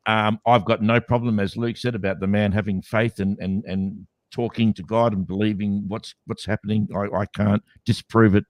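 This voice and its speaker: A man's voice: fairly low pitch, flat delivery, moderate pace, few pauses, no room sound. A man co-hosting a podcast, talking skeptically in a casual debate with many restarts. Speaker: podcast co-host.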